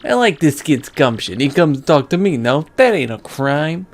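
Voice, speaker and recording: A woman voicing a gruff, menacing middle-aged male mob boss in a video game, with slangy tough-guy talk and drawling pauses. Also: sits low, sing-song, voice pushed up.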